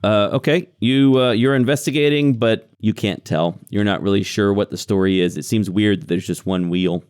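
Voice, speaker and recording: A man with a fairly low voice runs a tabletop game as its game master. He describes rooms and results in an unhurried, descriptive way. The sound is dry and close, with no room around it. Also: a little mellow, clean tone, no room sound. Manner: descriptive, unhurried scene-setting.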